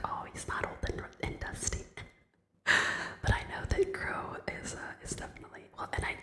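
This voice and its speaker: Whispering woman streamer, echoey room. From Tasmania, Australia. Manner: chatty, joking asides to chat. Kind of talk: whispered ASMR chat. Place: home den.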